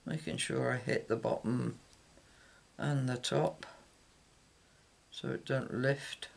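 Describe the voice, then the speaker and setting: A man's voice: mid-range voice, fairly even intonation, takes it slowly, creaky. A man hosting his own craft channel, chatting loosely while making a card and sometimes losing his train of thought. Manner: chatty, rambling, loses track mid-thought. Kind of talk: casual card-making demonstration.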